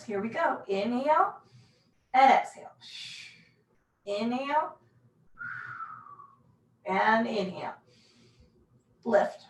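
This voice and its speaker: Woman pilates teacher, casual and self-mocking, recorded far from the mic in a roomy space. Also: fairly high pitch. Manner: casual, self-deprecating, calm cueing. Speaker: pilates instructor. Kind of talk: guided workout instruction. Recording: echoey room, mic far off.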